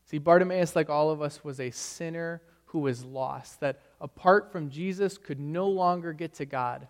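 A man preaching a sermon in an earnest manner, rising for emphasis and dropping low on key phrases. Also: moderate pace, big-room sound. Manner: earnest, rising and falling emphasis, occasional stumbles. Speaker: pastor.

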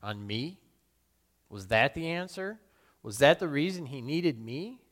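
A man playing Peter, a remorseful, brash fisherman and apostle, in a slow, brooding first-person monologue with sudden loud outbursts. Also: fairly high pitch, expressive. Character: remorseful middle-aged fisherman apostle, brash, guilt-torn. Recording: long hall reverb.

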